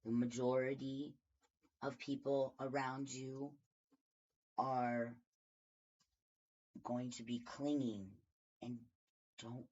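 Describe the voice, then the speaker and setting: Husky tarot reader, slow unhurried delivery, rambling with lots of fillers, dull lo-fi recording. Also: medium pitch, flat delivery, a little mellow. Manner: rambling, thinking aloud with many fillers. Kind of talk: casual daily tarot reading.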